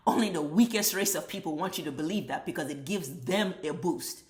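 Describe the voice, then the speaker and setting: Female vlogger, low register, emphatic and profane monologue, roomy echo. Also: brisk, hardly any pauses. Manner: blunt, profane, emphatic ranting. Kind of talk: impassioned opinion monologue. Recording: echoey room.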